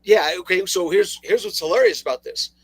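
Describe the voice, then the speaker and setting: A man co-hosting a political talk radio show, talking casually with sarcastic, animated asides and laughs. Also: high voice, a little fast, husky, no echo, poor audio. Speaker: co-host.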